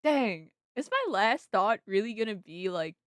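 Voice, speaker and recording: A woman's voice: medium pitch, big pitch swings, a little slow, no room sound, clean studio sound. A woman putting on the voice of a dim, clock-headed male manager who muses in dopey hums. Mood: musing.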